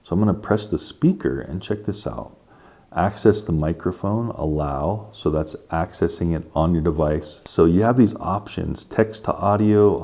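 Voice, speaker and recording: Low-voiced man reviewing gear. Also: warm tone. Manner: enthusiastic, talks viewers through each step. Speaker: tech reviewer. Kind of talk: casual product review.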